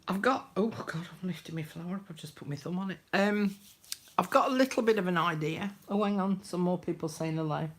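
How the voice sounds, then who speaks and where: An older woman hosting a casual craft live stream, chatty and greeting viewers by name, her voice dropping to soft murmurs as she works. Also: on the low side, brisk.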